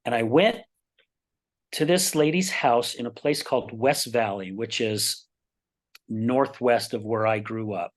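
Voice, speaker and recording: A man's voice: medium pitch, measured pace. Man from Utah telling stories animatedly. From Utah, United States. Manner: animated, acts out quoted dialogue in his stories. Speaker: podcast guest. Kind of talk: personal storytelling in a podcast interview.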